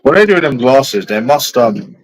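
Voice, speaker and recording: A man's voice: mid-range voice, very animated, brisk, no room sound, low-quality recording. A young man, chatting casually with friends in repetitive, laughing, slangy banter. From London. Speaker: streamer.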